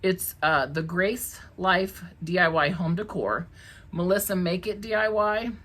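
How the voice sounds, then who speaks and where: A woman's voice: lowish voice, unhurried, fairly bright tone. A woman hosting her own craft channel, talking casually to camera from her crafting room at home, chatty and emotional, laughing often.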